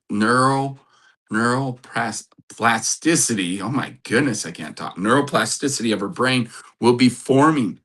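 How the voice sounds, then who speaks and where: A man's voice: mid-range voice, fairly bright tone. A middle-aged man, a relationship coach, giving an earnest, rambling motivational talk with restarts and chuckles.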